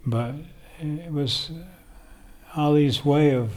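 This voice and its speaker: A man's voice: fairly high pitch, takes it slowly, darkish tone. An older man, a songwriter, reflecting at length in a casual interview, rambling with fillers. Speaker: songwriter guest.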